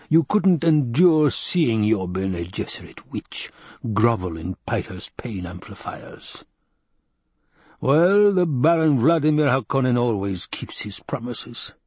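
A man's voice: medium pitch, a little mellow, slightly rough, dry recording. A man voicing a cruel, gloating baron villain who spits his words with menace, in a storybook reading. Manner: sneering, menacing, spitting words.

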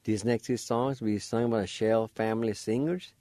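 A man teaching vocabulary in a radio lesson, spelling words letter by letter and sounding out each syllable slowly and deliberately. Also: fairly low pitch, steady tone, mellow, no echo. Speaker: language teacher.

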